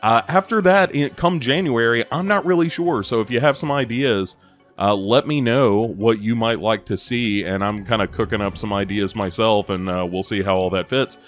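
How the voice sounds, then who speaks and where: A podcast host signs off in a chatty, casual way, filling his pauses with "uh". His voice sits fairly low, and faint music plays underneath. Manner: chatty, with frequent fillers.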